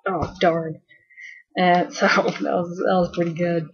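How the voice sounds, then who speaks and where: A woman's voice: lowish voice, flat delivery, takes it slowly, breathy edge, dull audio. A woman vlogging a casual fan countdown, bubbly and rambling, with lots of fillers and little giggles.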